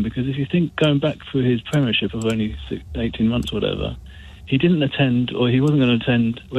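Fast, husky male caller on a phone. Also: medium pitch. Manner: rambling, hesitant, full of restarts. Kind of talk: phone-in call. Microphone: telephone. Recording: tinny phone line.

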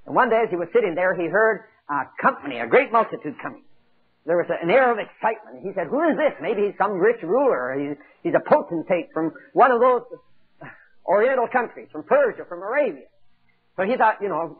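On tinny, phone-like 1980s audio tape, a high-pitched man with a breathy edge preaches a sermon. He tells a Bible story, acting out its voices dramatically and putting questions to the congregation.

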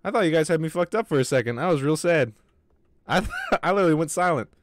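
A man's voice: a little high, expressive, fast, no echo, studio quality. A man streaming a horror game, talking to his chat in a jittery way and swearing often. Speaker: gaming streamer. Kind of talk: live gameplay commentary.

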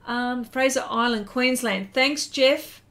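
A chatty Australian woman with a somewhat high voice hosts her art live stream. She talks casually while she draws and reads her viewers' comments aloud. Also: takes it slowly, a bit bright. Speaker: artist hosting a live stream.

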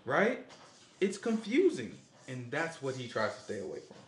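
Animated man preaching in an echoey room. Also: medium pitch, moderate pace, a little hiss or hum. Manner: animated, asks the group questions, repeats "you know what I'm saying". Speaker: teacher leading a Sabbath study. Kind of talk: casual preaching to a small group.

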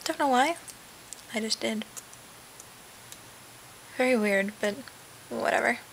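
A young woman chatting into a webcam from her bed, rambling from one aside to the next with lots of fillers. Her voice sits a bit high, and a faint hiss runs under the recording. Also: slow, vocal fry, poor audio. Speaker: vlogger. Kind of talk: casual webcam vlog. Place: sitting in bed at home.

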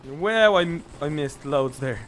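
A man's voice: fairly high pitch, expressive, a little slow, fairly bright tone. A man co-hosting a gameplay video, chatting playfully and calling out warnings. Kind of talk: casual gameplay chat.

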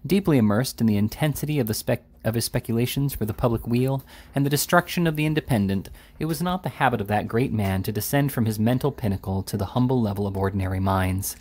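A man reading a classic novel aloud in a measured, deliberate narration with occasional restarts. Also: medium pitch, a little mellow. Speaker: reader.

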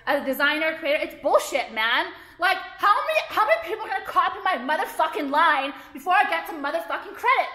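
A woman's voice: high-pitched, expressive, fast talker, few pauses, bright, forceful tone. A woman designer vlogging an angry, profane rant full of filler words, in an echoey room. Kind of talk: ranting vlog monologue.

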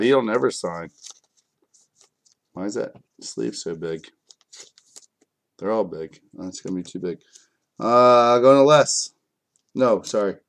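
A man with kids, a bit sick, hosting a live card break in a casual, joking way and talking to viewers by name. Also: on the low side. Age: adult, has kids. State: a bit sick, clearing throat.

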